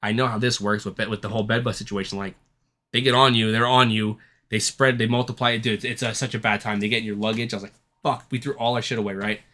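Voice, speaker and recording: A man's voice: lowish voice, little pitch movement, quick pace, pushed and bright. A man co-hosting a casual podcast chat, telling a rambling story full of swearing and acting out the people he quotes. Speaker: podcast co-host.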